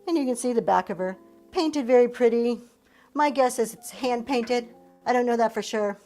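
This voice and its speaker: Middle-aged woman hosting a live auction stream, bright and higher voice, chatty and upbeat, faint music behind. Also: normal speed. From Pennsylvania. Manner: chatty, upbeat, thanks viewers often. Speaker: live-stream reseller host. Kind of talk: live auction selling chat.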